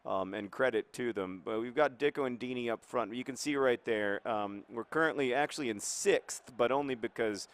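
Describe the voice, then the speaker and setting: A man's voice: medium pitch, moderate pace, few pauses, clean tone. A man giving casual commentary over a football video game, playing the club's manager in a hesitant, rambling way with many fillers. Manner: earnest mock-manager tone.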